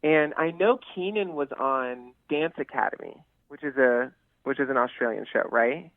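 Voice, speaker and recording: A man's voice: mid-range voice, normal speed, no room sound. A man, an actor, being interviewed about his film, giggly and effusive, rambling as he talks. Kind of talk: casual interview. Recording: tinny phone line.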